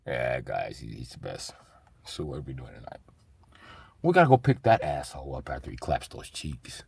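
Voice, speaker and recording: Streamer man, gravelly and husky, rowdy comic riffing, very lively pitch. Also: moderate pace, dry recording. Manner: rowdy, joking, laughing between bits. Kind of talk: comedic livestream riffing.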